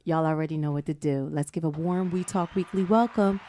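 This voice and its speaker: A woman's voice: sits low, fairly quick, warm tone, no room sound. A woman co-host introducing a guest in an upbeat, announcing way.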